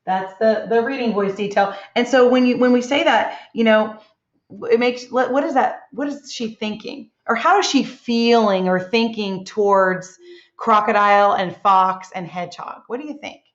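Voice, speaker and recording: A fairly high-voiced woman teaching a reading lesson to small children, slow and encouraging, always checking in with little tag questions. The sound is dull and lo-fi, with a roomy echo from the classroom. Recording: echoey room, dull lo-fi sound.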